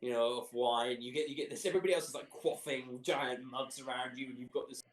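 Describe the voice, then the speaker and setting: A man's voice: medium pitch, steady tone, quick pace, roomy sound, poor audio. A man narrating as game master in a rambling, chuckling way, full of fillers.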